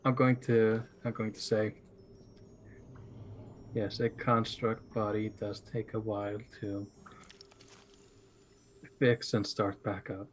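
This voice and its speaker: A man at a tabletop game talks casually, often halting and restarting his sentences. His voice is fairly flat and monotone, with a faint noise in the background. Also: fairly low pitch. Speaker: player.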